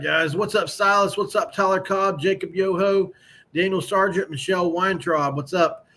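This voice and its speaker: A man's voice: a little high, normal speed, bright, forceful tone. A man hosting a casual live-streamed sports talk show, speaking in a loose, rambling way and greeting chat viewers by name.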